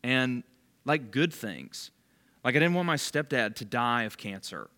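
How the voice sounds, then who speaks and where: Man, bible study leader, casual sermon, animated intonation, conversational, asks the group questions. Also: medium pitch, a little slow. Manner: conversational, quizzes listeners by name.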